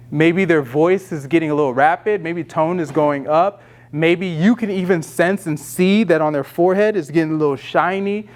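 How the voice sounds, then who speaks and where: A young adult man teaching emotional intelligence in a casual workshop, acting out quoted people and laughing often. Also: fairly high pitch. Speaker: communication trainer.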